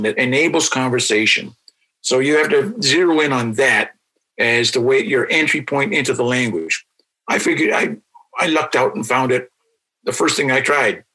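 Man, language teacher, interview, patient explainer, crisp bright tone, a bit husky. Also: mid-range voice, rough recording. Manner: patient, explanatory, repeats example words.

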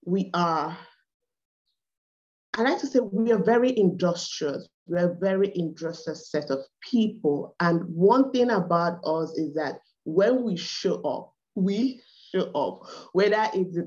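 A woman's voice: lowish voice, measured pace, darkish tone. A woman from Nigeria with an Igbo accent, a guest in an interview, speaking emphatically and proudly and repeating words for stress. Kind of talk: conversational interview. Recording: dull lo-fi audio.

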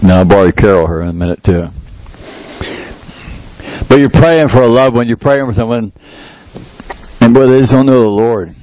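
A man's voice: mid-range voice, normal speed, pauses often, darkish tone, poor audio. Man preaching a conversational sermon. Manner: conversational preaching, rises to emphatic prayer. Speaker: pastor. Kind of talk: sermon with live demonstration.

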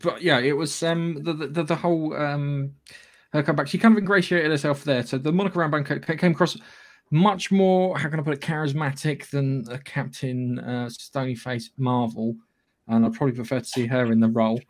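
A man's voice: fairly high pitch, steady tone, brisk. A man co-hosting a podcast in casual chat, blunt and sweary, rambling with frequent restarts. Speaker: podcast co-host.

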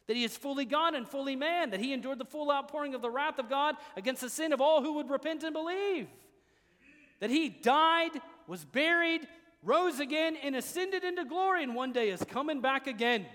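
A high-pitched male pastor preaching a sermon in a church hall with a long, ringing reverb. He moves between soft, hushed stretches and loud, emphatic declarations.

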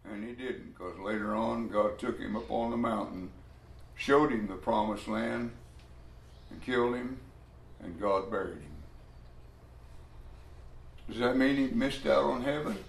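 A man's voice: medium pitch, measured pace, gravelly, pauses often. A man preaching a folksy, emphatic Bible study sermon, acting out the voices in his stories. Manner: folksy, emphatic, acts out quoted voices loudly. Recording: echoey room with faint ambient noise.

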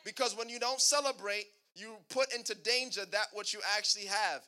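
A man's voice: sits high, fairly quick, pushed and bright. A male pastor preaching a sermon, calling out to the congregation and asking it to answer back. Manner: preaching with call-and-response to the congregation.

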